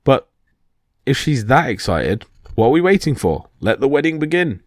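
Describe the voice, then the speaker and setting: A man voicing a boisterous male frost giant king with a booming, hearty delivery. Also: big pitch swings, normal speed, dry recording, studio quality. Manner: booming, jovial then furious.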